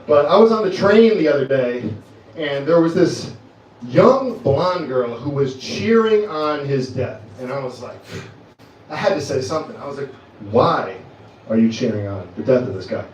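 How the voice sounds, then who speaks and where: Lively male emcee with dark humor. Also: on the high side, unhurried, muffled recording, slight background noise. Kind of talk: stand-up set and introductions. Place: comedy club stage. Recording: roomy club sound, mic at a distance.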